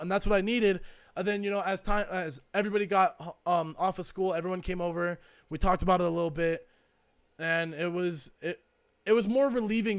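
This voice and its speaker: A young man with a notably high voice talks through a casual podcast chat. He rambles and circles back, leaning on fillers as he reflects. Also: fairly bright tone. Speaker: podcast co-host.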